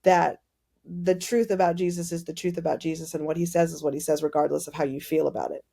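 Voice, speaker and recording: A woman guest on a podcast, telling her faith story in casual, animated conversation and acting out the dialogue. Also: low voice, fast, vocal fry, breathy edge. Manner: animated storytelling, many "like" fillers, acts out dialogue. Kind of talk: personal testimony in casual conversation.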